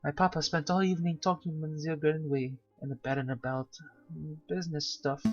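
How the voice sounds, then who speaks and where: A game player voicing a cheerful, naive young female cat aristocrat with bubbly, sing-song storytelling, over a slightly dull lo-fi recording with soft music behind. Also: medium pitch, fairly even intonation, brisk, lightly acted. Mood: chatty.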